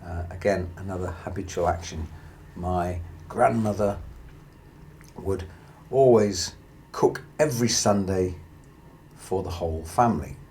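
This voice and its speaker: A man gives a grammar lesson in a low voice, explaining each point slowly and patiently. He works through example sentences one by one in a careful, unhurried way. A faint hiss sits under the recording. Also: a little mellow. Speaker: Spanish teacher.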